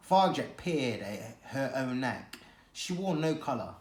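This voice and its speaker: A teacher reading a children's novel aloud, with an expressive, dramatic storytelling manner. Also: mid-range voice, unhurried. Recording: echoey room.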